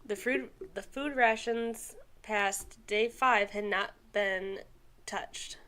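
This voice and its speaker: A woman's voice: mid-range voice, steady tone, slow, pushed and bright. Young woman podcast co-host, mid-range voice, reads a story aloud with chatty asides. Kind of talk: casual podcast chat, reading a story aloud.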